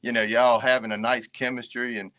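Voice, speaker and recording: Middle-aged man, Southern Virginia drawl, folksy and chuckling, bright tone. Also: medium pitch, flat delivery, a little fast. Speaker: guest caller. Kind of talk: casual podcast chat.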